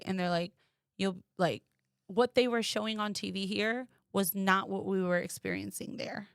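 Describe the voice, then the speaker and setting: A woman from the United States telling a personal story as a podcast guest, animated and quoting others in lively voices. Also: medium pitch, brisk, creaky, clear, resonant tone, dry recording, clean studio sound.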